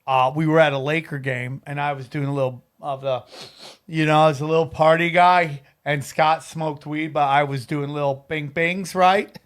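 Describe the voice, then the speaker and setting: A man with a high, bright-sounding voice tells rowdy stories in loose podcast banter. He jumps into the voices of the people he describes, loud and lively. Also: moderate pace. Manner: animated, acts out voices in stories. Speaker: comedian, podcast co-host. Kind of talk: casual storytelling chat.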